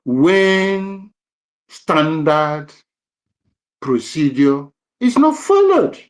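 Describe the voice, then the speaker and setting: A man hosting a live audio room, answering in a measured, preachy way with some restarts. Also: fairly high pitch, sing-song. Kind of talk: measured commentary on a live call.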